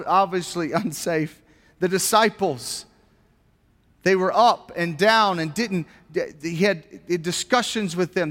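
A man's voice: high-pitched, a bit bright, long reverb tail. A man preaching a sermon as a pastor, earnest and posing rhetorical questions to his congregation in a church.

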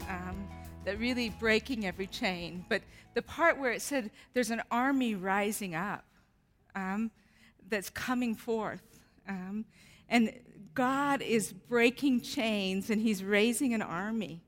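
A woman's voice: medium pitch, slow pace, faint music behind. A woman speaking as a guest at a church service, telling humorous stories about herself in a sermon. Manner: animated storytelling with self-deprecating humor. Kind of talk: storytelling sermon. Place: church sanctuary. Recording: reverberant church hall.

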